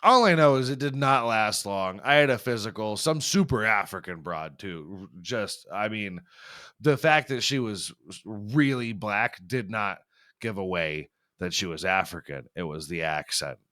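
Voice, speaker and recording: Profane rambling man with a lively voice. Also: lowish voice, measured pace. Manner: profane, rambling, laughs at his own jokes. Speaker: podcast host. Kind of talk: crude comedic monologue.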